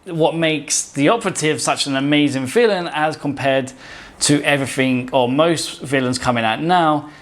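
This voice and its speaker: A man with a somewhat high-pitched voice talks through a casual film commentary. He is emphatic and opinionated, and he rambles, cutting off and restarting words as he goes. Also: normal speed, fairly bright tone. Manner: rambling, often stops and restarts words mid-sentence. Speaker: video essay host.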